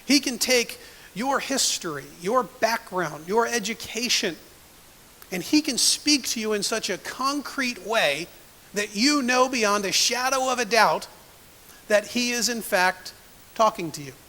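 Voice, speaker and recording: A man's voice: high-pitched, expressive, a little slow, bright, forceful tone. A man preaching a sermon as pastor, telling a story and acting out its quotes. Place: church sanctuary. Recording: long church hall reverb.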